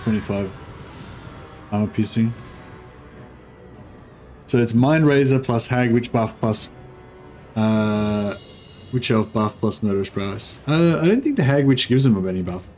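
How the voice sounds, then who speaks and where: A man's voice: lowish voice, expressive, unhurried, long pauses, darkish tone, faint music behind. Rambling male game streamer. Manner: rambling, filler-heavy, explains game mechanics. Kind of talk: casual live-stream commentary.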